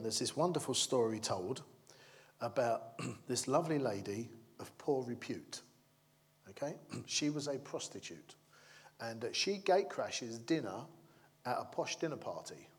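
A man preaching a sermon in a chatty, humorous way, checking in with the congregation and acting out the figures in his stories. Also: medium pitch. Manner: conversational, keeps asking the congregation "yeah?"; acts out the crowd and characters in the stories.

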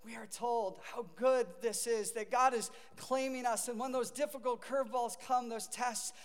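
A man's voice: extremely high pitch, fairly even intonation, moderate pace, clear, resonant tone. A middle-aged male pastor preaching a sermon in a conversational way, acting out the voices he quotes. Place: church sanctuary. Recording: long reverb of a large hall.

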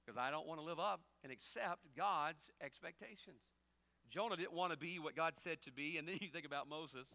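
A male pastor preaching a sermon, telling humorous stories and jumping from quiet asides to loud, high exclamations. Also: fairly quick. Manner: humorous storytelling with acted dialogue.

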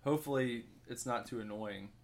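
A man's voice: mid-range voice, a little fast. A young man from Ohio co-hosting a casual podcast, easygoing and dry, eating while he talks. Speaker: podcast co-host. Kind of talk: casual chat.

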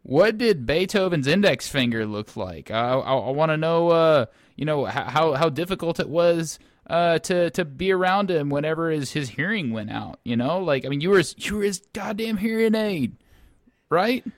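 A man's voice: on the high side, expressive, normal speed, no echo, studio quality. A man hosting a comedy podcast, interviewing his guest with eager, stammering questions and repeated words.

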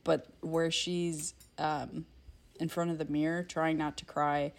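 A woman's voice: sits low, level tone, a little slow. A woman co-hosting a film podcast, chatting casually and rambling with lots of filler words. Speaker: podcast co-host.

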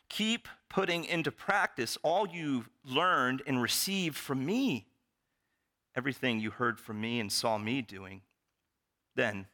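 Bright-voiced animated male preacher. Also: mid-range voice. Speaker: pastor. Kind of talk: sermon.

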